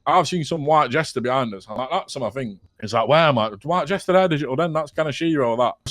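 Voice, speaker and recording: A man's voice: mid-range voice, expressive, fast, hardly any pauses, fairly bright tone. Laughing young man. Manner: rambling, swears a lot, keeps laughing at his own story. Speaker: roleplay player telling a story. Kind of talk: casual in-character storytelling.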